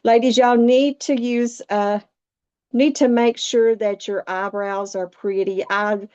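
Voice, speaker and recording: A woman's voice: a little high, steady tone, slow, darkish tone, clear, resonant tone, muffled recording. A sixty-year-old woman with a Southern Appalachian accent, chatting folksily through a casual makeup tutorial and talking straight to viewers. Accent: Southern Appalachian American. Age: 60s. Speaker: makeup vlogger.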